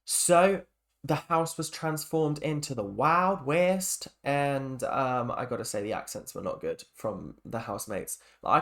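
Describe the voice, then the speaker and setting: A man's voice: mid-range voice, lively intonation, a little slow, a bit bright. A young man giving a rambling, chatty reaction to a reality show, full of fillers and restarts. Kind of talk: casual opinion rant.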